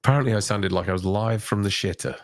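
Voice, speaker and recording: A lower-pitched man chatting over a home computer mic with a dry, close sound. He hosts a casual movie watch party, laughs a lot and often restarts his sentences. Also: quick pace, vocal fry, dry recording. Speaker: podcast host.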